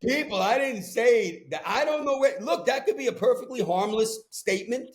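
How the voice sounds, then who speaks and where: A man from Brooklyn with a thick New York accent holds court on a podcast mic, riffing in a loose, streetwise rant. His voice sits high for a man, and he talks like he is telling stories to friends. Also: normal speed, background noise. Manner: animated ranting storyteller, streetwise. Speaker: podcast host. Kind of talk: casual chat. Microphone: podcast microphone.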